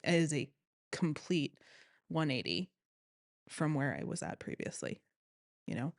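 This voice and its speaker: A woman's voice: low-pitched, unhurried, no echo. Earnest woman guest, dry close sound. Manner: earnest, animated, often quotes others. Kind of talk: personal story in conversation.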